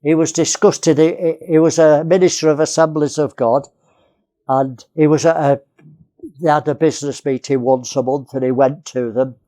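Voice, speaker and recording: A man's voice: a little high, fairly even intonation, normal speed, warm tone. Earnest man preaching a sermon. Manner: earnest, repeats key phrases, many restarts.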